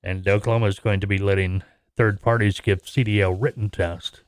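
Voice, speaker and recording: A man's voice: fairly low pitch, steady tone, a little fast, no room sound, clean studio sound. A middle-aged American man hosting a casual podcast, chatty and jokey, rambling along with laughs. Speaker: podcast host.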